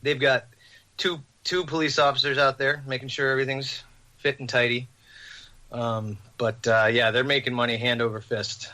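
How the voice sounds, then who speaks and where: A man on a podcast, telling a rambling, animated story with laughs. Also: medium pitch, normal speed. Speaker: podcast host. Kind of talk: casual storytelling.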